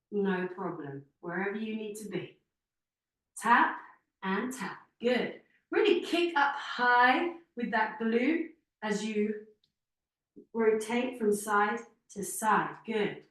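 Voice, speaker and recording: A woman guides a Pilates class at an unhurried pace, calling out counts and quick encouragement while slightly out of breath. Her voice sits a bit high. She is heard from a distance in a strongly echoing room. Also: a bit bright. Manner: counts reps aloud with short encouraging cues. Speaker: Pilates instructor. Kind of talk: guided workout instruction. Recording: very echoey room, speaker away from mic.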